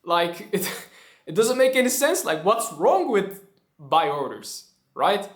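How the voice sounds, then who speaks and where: A man's voice: high voice, big pitch swings, slow. A man teaching traders in an emphatic motivational talk, often checking in with "right?". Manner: emphatic, keeps asking "right?". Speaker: trading educator. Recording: roomy echo.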